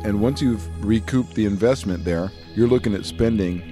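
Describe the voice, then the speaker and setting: A man's voice: on the low side, moderate pace, music in the background. A man co-hosting a casual podcast, rambling, laughing easily and chewing while he talks. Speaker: podcast co-host. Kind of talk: casual chat.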